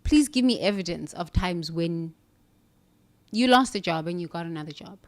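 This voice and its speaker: A woman's voice: lowish voice, expressive, normal speed. Earnest woman coaching through a self-talk monologue. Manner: earnest, coaching, questions and answers herself. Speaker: self-help speaker. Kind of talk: reflective motivational monologue.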